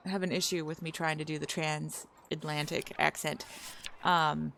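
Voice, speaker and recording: A woman's voice: low voice, flat delivery, a little slow, creaky, fairly bright tone. A young woman streamer chatting casually with viewers, rambling, breaking off mid-sentence and starting again. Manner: rambling, self-interrupting, trails off mid-sentence.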